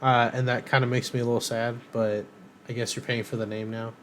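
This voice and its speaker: A man's voice: mid-range voice, little pitch movement, a little fast, a bit bright, a little hiss or hum. A man co-hosting a podcast, chatting casually and rambling with lots of ums and uhs. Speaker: podcast co-host. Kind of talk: casual chat.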